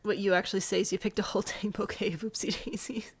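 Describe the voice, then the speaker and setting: Speaking fast with a breathy edge, this woman has a medium, fairly even voice and a Midwestern accent. As a let's play streamer she jokes through a life-sim game, playfully chatting with her live audience.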